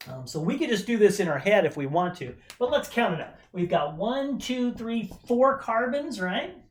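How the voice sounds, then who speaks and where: A woman's voice: medium pitch, very animated, moderate pace. A woman teaching a chemistry lesson remotely in a chatty way, with joking asides while she counts aloud. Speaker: chemistry instructor. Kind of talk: casual remote lecture.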